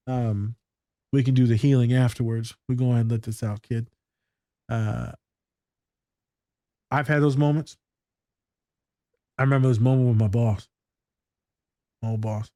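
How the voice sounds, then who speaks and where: A man's voice: medium pitch, fairly even intonation, a little slow, pauses often, warm tone, no room sound, clean studio sound. A man chatting casually as a podcast co-host and school therapist, telling stories in slangy, profane talk. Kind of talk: casual chat reacting to a TV scene.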